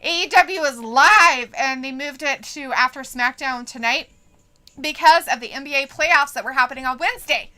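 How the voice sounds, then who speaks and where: A woman's voice: sits high, normal speed. A woman co-hosting a live stream, chatting casually and laughing as she watches wrestling and reads out viewer comments. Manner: giggly, animated, quotes chat viewers.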